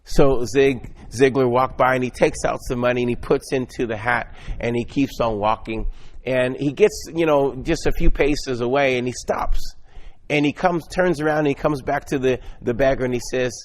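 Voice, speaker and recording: A man's voice: mid-range voice, moderate pace. Earnest man giving a motivational sermon. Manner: earnest, exhorting, stumbles and repeats words. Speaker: motivational Christian speaker.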